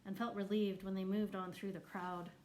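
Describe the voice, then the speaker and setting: A woman reading a novel aloud as narrator, lifting her voice for the characters who shout. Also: mid-range voice, flat delivery, normal speed, a little hiss or hum, low-quality recording. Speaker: audiobook narrator. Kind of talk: scripted narration.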